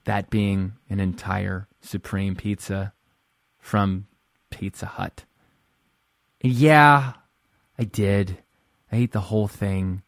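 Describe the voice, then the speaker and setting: A man's voice: on the low side, steady tone, slow, vocal fry, pauses often, no room sound, studio quality. A man from Central California hosting his own podcast, talking at home in a wry, self-deprecating, rambling way. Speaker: podcast host. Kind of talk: casual solo podcast monologue.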